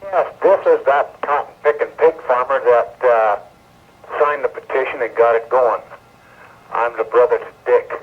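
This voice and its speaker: A man's voice: mid-range voice, moderate pace. A man calling in to a radio show, aggrieved and challenging. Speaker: caller. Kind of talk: radio call-in. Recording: tinny phone line on 1970s radio.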